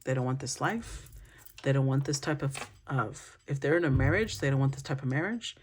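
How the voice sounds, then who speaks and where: A woman's voice: very deep voice, brisk, slight background noise. A woman giving an intuitive tarot reading to her viewers, musing and conversational as she thinks aloud. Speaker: tarot reader.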